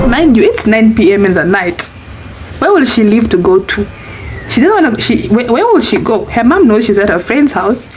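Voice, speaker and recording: A woman, telling a storytime vlog in an animated, chatty way. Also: a little high, moderate pace, slight background noise, low-quality recording. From Namibia. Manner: animated, chatty, exclamatory asides. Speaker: vlogger.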